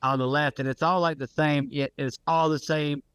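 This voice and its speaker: Bright-voiced man rambling in slangy chat. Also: on the high side, steady tone, normal speed, clear, resonant tone, dry recording. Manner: rambling, slangy, lots of "you know what I'm saying". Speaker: podcast co-host. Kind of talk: casual chat.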